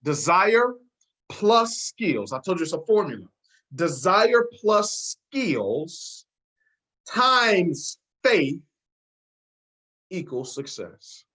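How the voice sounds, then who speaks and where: A man giving a motivational speech on a sales team call, preacher-like and emphatic. He repeats his key words, drops to a hush, then rises to a shout, and asks his listeners to answer back. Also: high-pitched, big pitch swings, drawn-out words, long pauses.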